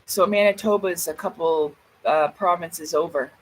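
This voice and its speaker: With a lowish, breathy-edged voice at a moderate pace, this woman vlogs live from home, smoking next to a door. In her thirties and from Canada, she tells a funny story casually, laughing and catching her own swearing, and the recording quality is low.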